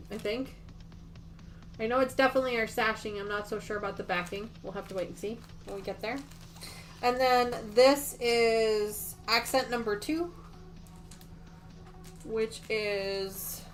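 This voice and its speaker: A woman with a fairly high voice hosts a casual quilting livestream. She chats and gushes as she shows her work and answers viewer comments. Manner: gushing and chatty, reads viewer comments aloud. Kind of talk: casual livestream chat while sewing.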